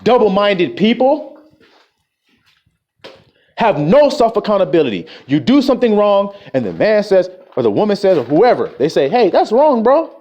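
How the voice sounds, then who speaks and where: A man's voice: high voice, big pitch swings, normal speed, a little mellow, highs cut off. A man preaching a profane, confrontational street sermon, scolding his listeners.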